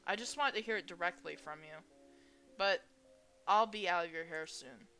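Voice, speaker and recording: A woman voicing an anxious young female monster who speaks softly and puts herself down, reading a visual novel aloud. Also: lowish voice, normal speed, faint music behind. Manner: soft, self-deprecating.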